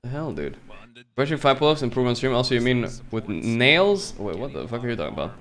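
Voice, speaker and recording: A man's voice: medium pitch, sing-song, fairly quick, fairly bright tone. Laid-back joking male streamer. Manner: loose, joking, swears freely. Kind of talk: casual chat while commentating a game.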